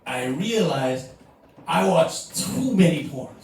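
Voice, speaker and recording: A man in his forties from Indonesia headlines a club show with a playful, confessional stand-up set. His voice sits high and swings widely in pitch. He sounds far from the mic, in a heavily echoing room with faint noise behind him. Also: lively intonation, slow pace, darkish tone. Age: 40s. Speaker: headlining comedian. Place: comedy club stage before a live crowd.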